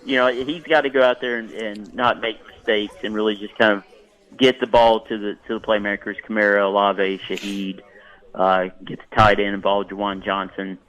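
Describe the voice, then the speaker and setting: A man calling in as a sports editor guest, talking in halting stop-start phrases. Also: on the low side, flat delivery, fairly bright tone, poor audio. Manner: halting, repeats words as he starts sentences. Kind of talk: phone-in sports interview.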